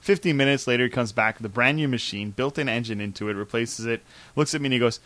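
Lively man telling a story. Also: mid-range voice, fast talker, no echo. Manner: animated storyteller, acts out quotes, laughs often. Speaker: podcast co-host. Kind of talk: casual storytelling chat.

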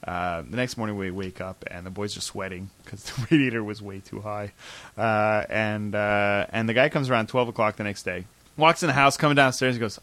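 A man's voice: fairly low pitch, steady tone, fairly quick, a bit bright, dry recording. A man in his thirties from Canada, telling a story in a casual chat, acting out quoted voices and laughing often. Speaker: podcast co-host.

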